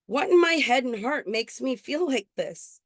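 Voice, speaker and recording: A woman performing her own spoken-word poetry at an open mic, earnest and intimate, slowing on key lines. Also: high-pitched, lively intonation, dry recording, clean studio sound. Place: indoor open mic venue.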